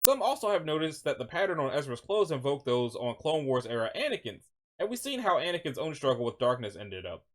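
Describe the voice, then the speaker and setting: Lively, higher-voiced man reading commentary. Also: brisk. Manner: animated, frequent self-corrections. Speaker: video narrator.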